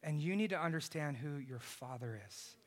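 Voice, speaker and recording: A man in his thirties preaching a sermon, swinging from shouted peaks to soft, hushed passages. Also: on the high side, expressive, moderate pace. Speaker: pastor.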